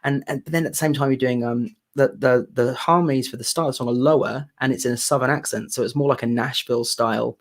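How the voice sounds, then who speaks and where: A man, hosting a casual live chat about singing theatre songs, talking quickly with frequent restarts. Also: medium pitch, steady tone. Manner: chatty, many restarts. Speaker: theatre singer and channel host.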